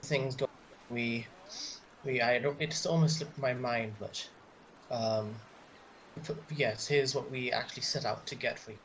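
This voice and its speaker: Halting man playing a tabletop game. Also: medium pitch, steady tone, a bit bright, slight background noise, poor audio. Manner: halting, loses his train of thought, then rushes. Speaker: player.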